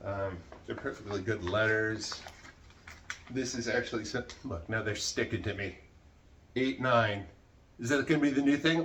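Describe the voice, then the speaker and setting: A man talking casually to his viewers while clearing out clutter, rambling and self-mocking, swearing as he gets worked up. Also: mid-range voice, fairly bright tone, slight background noise. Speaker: vlogger. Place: cluttered room indoors.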